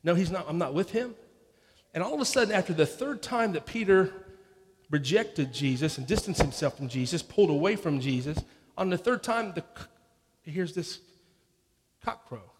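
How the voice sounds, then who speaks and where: A man preaches a sermon in a high, lifted voice, talking it through conversationally and voicing people's inner thoughts. He restarts phrases as he goes. The sound rings out with a long reverb from a church sanctuary. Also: big pitch swings, normal speed, breathy edge. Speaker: pastor.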